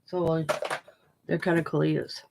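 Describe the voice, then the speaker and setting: A woman's voice: low-pitched, level tone, a little slow, creaky, background noise. A woman hosting a casual crafting livestream, chatting loosely as she works and chewing gum while she talks. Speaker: craft channel host.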